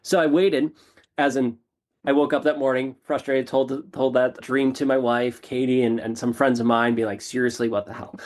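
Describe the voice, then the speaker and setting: A man, a podcast guest, telling a personal story in a casual interview, animated and self-deprecating, repeating phrases for emphasis. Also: medium pitch.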